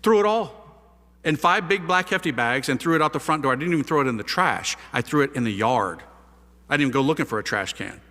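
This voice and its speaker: A man telling a lively personal testimony as a priest, speaking in casual slang with big swings in his voice. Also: medium pitch, fast talker. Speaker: priest giving a conversion testimony. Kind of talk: animated spoken testimony. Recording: echoey hall.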